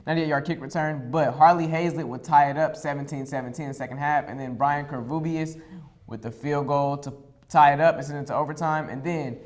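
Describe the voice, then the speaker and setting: A young man reads through college football highlights as a sports show co-host. His voice is mid-range, and he stays upbeat, restarting phrases as he goes. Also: fairly even intonation, a little fast. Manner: upbeat, repeats himself when restarting. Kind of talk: highlight play-by-play commentary.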